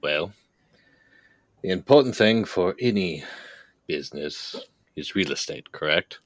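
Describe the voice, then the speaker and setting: A sly businessman with a very deep voice, striking deals in an unhurried, knowing manner, as a player voices him. The sound is dry and close. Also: lively intonation, dry recording. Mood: smooth. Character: smooth, scheming male businessman.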